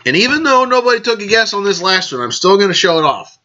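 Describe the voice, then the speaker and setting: A man with a high, bright, forceful voice chats casually as a vlog host. He rambles, corrects himself mid-sentence and raises toasts to his listeners. The recording sounds dull and lo-fi. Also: big pitch swings, fast. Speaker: podcast host.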